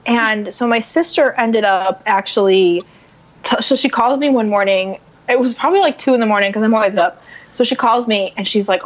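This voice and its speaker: Speaking fairly quickly in a mid-range voice, a woman on a podcast as a guest tells an animated, casual story, performing the quotes of others. The sound is dull and lo-fi.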